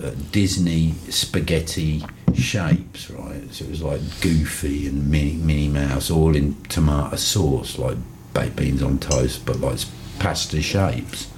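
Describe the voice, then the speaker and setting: A middle-aged man, an interview guest, telling stories casually in an animated way, swearing freely and acting out what people said. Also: a bass voice, slight background noise. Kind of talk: casual storytelling.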